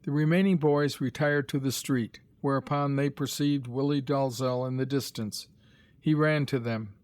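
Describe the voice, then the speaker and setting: Brief: male narrator for a graded reader, mid pitch, dry and close. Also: dry recording. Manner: measured, even storytelling.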